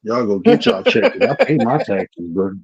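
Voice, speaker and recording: A man's voice: high voice, wildly swooping pitch, normal speed, gravelly, husky, dry recording, highs cut off. A man hosting a casual livestream chat, talking bluntly and profanely with a lot of "bro" and a Black style. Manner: blunt, profane trash talk, repeatedly says bro. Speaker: livestream host.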